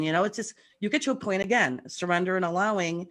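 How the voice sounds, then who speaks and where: A woman, a guest medium, telling stories in an animated, chatty way on a video call, her voice a bit rough from the morning. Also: medium pitch, fast talker, few pauses. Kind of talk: casual chat.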